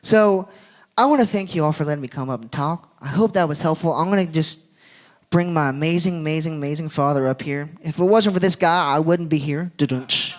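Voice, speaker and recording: A man's voice: a little high, a little fast, rough recording. A man speaking at church, telling an emotional family story as part of a sermon. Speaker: guest speaker.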